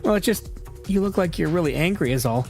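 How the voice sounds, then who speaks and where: A man voicing a cheerful, eager young woman reporter in a game read-through, talking high and bubbly. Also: lively intonation, fast talker, darkish tone, soft background music. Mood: hesitant.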